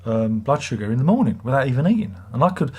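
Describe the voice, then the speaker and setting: A middle-aged Briton running a livestream talks fast and very animatedly in a husky, mid-range voice. His casual chat wanders, dry and self-mocking throughout.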